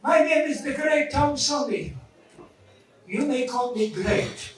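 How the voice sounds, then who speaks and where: A man's voice: very high-pitched, slow pace, background noise, voice pushed up. An older man voicing a pompous male stage magician with a put-on Polish accent. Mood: grandiose. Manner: formal, self-important announcing. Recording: echoey hall, far from mic, crowd.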